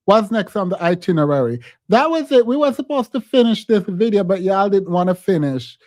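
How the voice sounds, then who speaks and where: A man's voice: high-pitched, expressive, brisk, a little mellow, dry recording, clean studio sound. A man hosting a live stream, chatting casually and laughing often between his points. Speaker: streamer and commentator.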